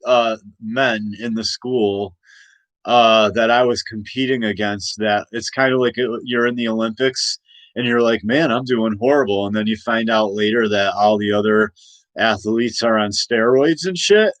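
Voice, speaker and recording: A man's voice: on the low side, fairly even intonation, measured pace, a bit bright, dry recording. A man hosting a casual political rant in a rambling way, with many restarts and laughs at his own points. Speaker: host.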